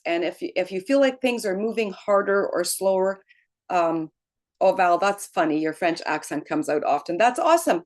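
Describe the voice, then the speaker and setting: A middle-aged woman speaks to her team in an easygoing, encouraging way. She talks conversationally, checks in with a quick "right?" and laughs often. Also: mid-range voice, darkish tone. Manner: encouraging, frequent "right?" tags, laughs easily. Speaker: team leader. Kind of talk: motivational team call.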